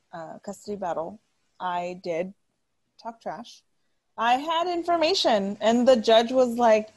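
A woman in her thirties talks on a casual chat show. She tells her stories bluntly and swears freely. Her voice sits at an everyday middle pitch. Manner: blunt, heavy swearing, animated storytelling. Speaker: podcast co-host.

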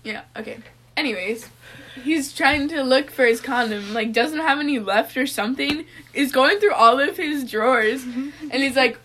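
A woman's voice: high-pitched, animated, measured pace, sharp tone, slight background noise. A young woman co-hosting a casual podcast, telling a crude story with lots of "like" and frequent giggling. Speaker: podcast co-host. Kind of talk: casual chat.

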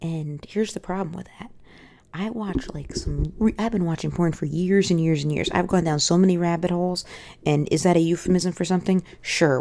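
Young woman doing standup, low gravelly voice, rambly and crude. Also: warm tone. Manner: rambling, candid, crude, with self-interrupting asides. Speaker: stand-up comedian. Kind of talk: stand-up storytelling.

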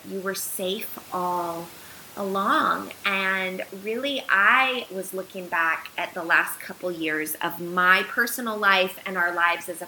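A woman's voice: fairly low pitch, bright, forceful tone, a little hiss or hum, poor audio. A woman in her thirties, a podcast guest, telling a personal story earnestly and with animation, using many filler words.

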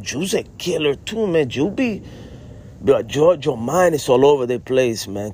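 A man's voice: mid-range voice, a little hiss or hum. Rambling casual podcast guy. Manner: loose and rambling, ends phrases with "man"; preachy motivational talk. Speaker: podcast co-host.

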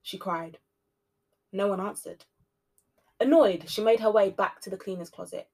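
A woman hosting a podcast, narrating a spooky story with expressive shifts between loud and soft delivery. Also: medium pitch, moderate pace. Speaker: podcast host reading a story.

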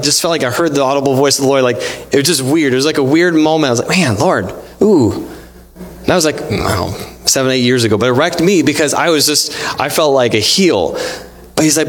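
A man preaching an informal sermon, acting out conversations with God with lots of casual fillers. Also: fairly high pitch. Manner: informal, acts out dialogue with God in his own voice; frequent fillers like "like" and "you know". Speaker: pastor.

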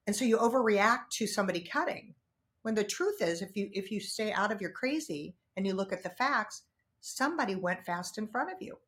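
A woman talking as a podcast guest, telling personal stories frankly and animatedly, jumping from loud outbursts to hushed asides. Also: mid-range voice, expressive, brisk. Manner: frank, casual swearing. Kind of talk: candid conversational storytelling.

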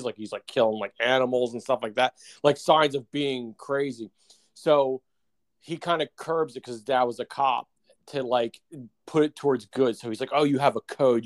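A man's voice: medium pitch, no echo. A man co-hosting a casual podcast, talking in a rambling way with lots of fillers and restarts. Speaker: podcast co-host. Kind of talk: casual chat.

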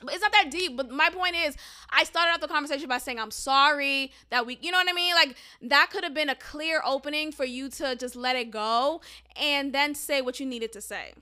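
A young adult woman hosting a podcast, telling a personal story in a candid, animated way and swearing freely. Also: high voice, brisk. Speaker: podcast host. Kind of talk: casual storytelling monologue.

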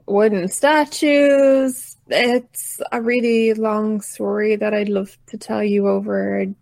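A woman's voice: medium pitch, fairly even intonation, creaky, darkish tone, no room sound. A woman takes her turn in a tabletop role-playing game, her speech hesitant and apologetic with frequent restarts. The sound is dry and close, with no room around it. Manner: nervous, apologetic, halting in character. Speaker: player.

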